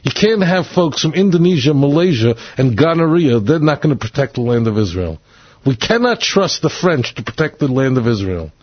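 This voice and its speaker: A man with a slightly husky voice delivers a blunt, emphatic monologue, hammering the same points again and again. The recording is dry and close, with a dull, lo-fi sound. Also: mid-range voice, sing-song, moderate pace, no room sound. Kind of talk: opinionated monologue.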